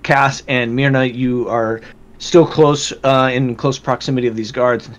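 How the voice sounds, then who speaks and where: A man's voice: medium pitch, fairly even intonation, a little slow. A man narrating as game master of a tabletop game, loose and full of fillers.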